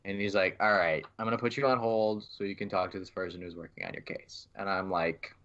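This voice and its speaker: Male podcast co-host, lower voice, casual storyteller, muffled lo-fi sound. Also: fairly even intonation, fairly quick, fairly bright tone. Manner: storytelling, acts out phone calls. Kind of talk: casual chat.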